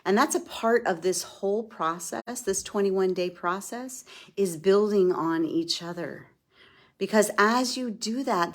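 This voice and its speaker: Slow, soothing woman guiding an exercise. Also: mid-range voice. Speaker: wellness instructor. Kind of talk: guided breathing and laughter exercise. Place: indoors, moving around in front of a camera.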